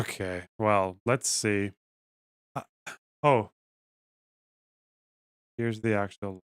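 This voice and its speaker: A man hosts a live stream in a smooth, resonant voice heard close and dry. He reads chat messages aloud and drops wry, deadpan asides. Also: fairly low pitch, extremely slow, no echo. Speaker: streamer, host.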